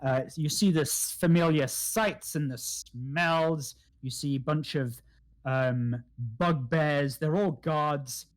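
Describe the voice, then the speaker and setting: A man narrating as game master in a tabletop game, halting and filled with fillers. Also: a little high. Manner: halting, full of fillers and restarts.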